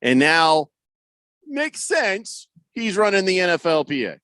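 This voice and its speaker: A man's voice: high-pitched, sing-song, a little slow, fairly bright tone, clean tone, no room sound, clean studio sound. A man hosting a sports radio show, bantering in a joking, mock-serious way. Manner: joking, mock-serious, puts on silly accents. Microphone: studio microphone.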